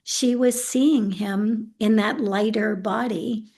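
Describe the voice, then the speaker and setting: A middle-aged woman being interviewed, telling a story in a relaxed, animated way, acting out what people said and laughing often. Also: medium pitch, slow. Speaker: autism integration specialist, interview guest.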